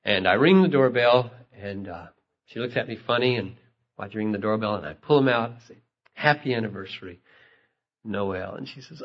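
Impassioned male preacher, husky voice. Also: on the low side, a little fast. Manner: impassioned, rising to emphatic peaks. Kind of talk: sermon. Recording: muffled lo-fi recording.

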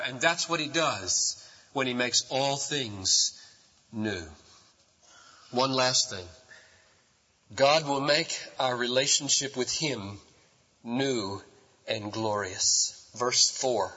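A man preaching a sermon as a pastor, building from quiet passages to loud, impassioned outbursts. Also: medium pitch, takes it slowly, pauses often, slightly rough, in a large hall, lo-fi sound.

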